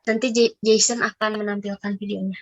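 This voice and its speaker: A woman's voice: medium pitch, flat delivery, fast talker, highs cut off. A young woman opening her podcast in a casual, chatty way and explaining what the episode will do. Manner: chatty, explains plans to viewers. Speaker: podcast host.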